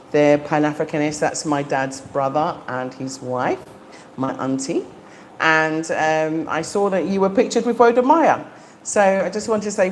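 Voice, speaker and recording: A woman's voice: on the low side, slight background noise. A middle-aged woman hosting a live stream from her home, chatting casually and enthusiastically to viewers with frequent ums. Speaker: livestream host. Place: home in the Gambia.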